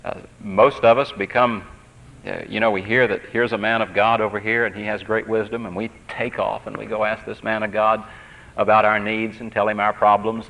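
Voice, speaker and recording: Pastor, male, earnest chatty sermon delivery, muffled lo-fi tape. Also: fairly low pitch. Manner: earnest, conversational, repeats phrases. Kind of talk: sermon with personal storytelling. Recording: dull lo-fi tape recording.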